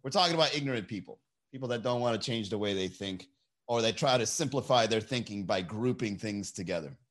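A man hosting a comedy podcast, talking in a profane, animated, laughing monologue to a live chat. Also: fairly low pitch, fairly quick. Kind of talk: casual comedy monologue on a livestream. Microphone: desk mic with mixer.

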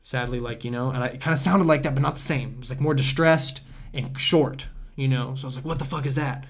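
A man's voice: medium pitch, fast talker. A young man, a podcast guest, telling a long story in a loose, rambling way full of "dude," "bro," and casual swearing.

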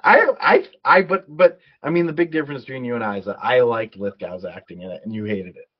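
A man's voice: medium pitch, fast, highs cut off. A man co-hosting a podcast, chatting casually about a film in an easygoing way, with hesitant restarts and frequent laughs. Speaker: podcast co-host. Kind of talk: casual movie review chat.

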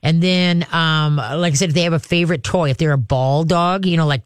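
A man training an owner in dog recall, talking casually and breaking into high, excited calls as he shows how to call the dog. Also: quick pace, hardly any pauses, dry recording, clean studio sound. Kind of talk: casual hands-on instruction.

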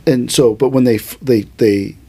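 Guy teaching martial arts on a podcast, animated, restarts a lot, mid pitch. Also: slightly rough. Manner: animated, thinks aloud with restarts and quick asides. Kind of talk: casual podcast conversation.

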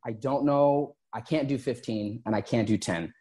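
A former gym owner appearing as an interview guest tells his story casually in a medium-pitched voice at a moderate pace. Relaxed, he acts out past conversations, quoting them.

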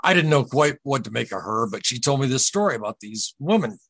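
A man with a husky, slightly rough voice shares a personal account on a podcast in casual storytelling. He speaks earnestly and haltingly, circling back to repeat what others told him. The recording is close and dry. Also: mid-range voice, expressive, a bit bright, no room sound. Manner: earnest, halting, retells dialogue. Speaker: podcast guest.

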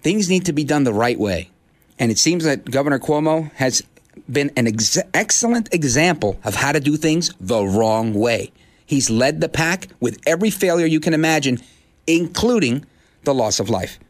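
A man's voice: fairly high pitch, animated, normal speed. A man hosting a talk radio show from a studio, delivering a fired-up, rhetorical opinion monologue in punchy bursts into a studio microphone. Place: radio studio in a high-rise.

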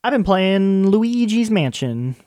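A man's voice: high-pitched, sing-song, slow, darkish tone, no echo. Man chatting about a game. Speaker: podcast panelist. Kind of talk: casual chat.

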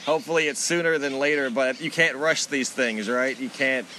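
A man's voice: mid-range voice, normal speed. Man host asking questions over noise. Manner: probing follow-up questions, agreeable interjections. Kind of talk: casual interview.

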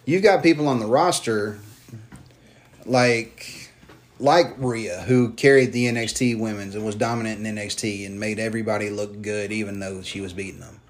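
A man's voice: on the low side, normal speed. A man talking in a loose, heated podcast rant. He swears often and now and then slips into mocking voices to make his point. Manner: heated, swears freely, mocks wrestlers in put-on voices. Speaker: podcast co-host. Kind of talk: casual wrestling chat.

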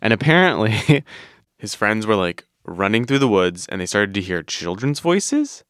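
A man hosting a podcast, retelling a story in a relaxed, chatty way and often laughing. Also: lowish voice, a little slow, clear, resonant tone, dry recording, studio quality. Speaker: podcast host. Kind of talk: casual storytelling chat.

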